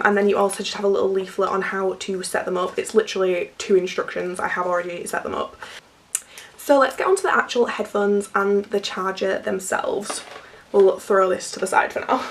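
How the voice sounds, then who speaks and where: A young woman talks casually through an unboxing, her voice croaky from a cold with a gravelly edge. She chats in a loose, filler-heavy way. She sits a little back from the microphone. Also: medium pitch, recorded from a distance. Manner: chatty, filler-heavy, laughs often. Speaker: vlogger.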